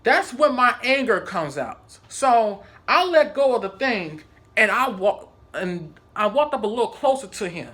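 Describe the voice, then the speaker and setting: Guy doing a storytime vlog, lots of cussing, bouncy bright voice. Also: sits high, unhurried. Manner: animated, profane storytelling. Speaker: vlogger.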